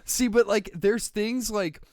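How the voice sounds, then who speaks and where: Man, podcast host, casual rambling chat, swears a lot, smooth clear voice, dry close sound. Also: high voice, slow, no room sound. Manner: rambling, heavy filler words and swearing.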